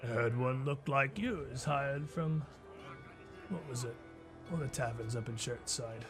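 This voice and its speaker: A man voicing a curt, gravelly woman who runs a criminal guild in a tabletop game, speaking low and businesslike. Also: measured pace, music in the background, natural voice. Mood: probing. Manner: terse and businesslike, low and hushed. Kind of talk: tabletop role-play character voice.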